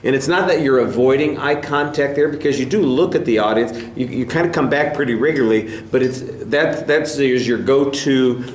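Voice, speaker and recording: A male speech instructor giving candid, measured spoken feedback to a student in a classroom. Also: mid-range voice. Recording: echoey room, faint hum.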